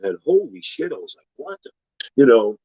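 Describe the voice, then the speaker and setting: A panel guest swaps stories in a casual talk, animated and acting out the voices of people he meets. His pitch is ordinary mid-range and his voice slightly rough at a moderate pace, in a dry recording with a slightly dull, lo-fi tone.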